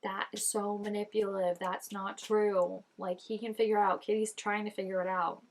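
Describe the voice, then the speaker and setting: A woman's voice: mid-range voice, flat delivery, normal speed. A young woman hosting a casual reaction video, chatting emotionally and talking back to the screen.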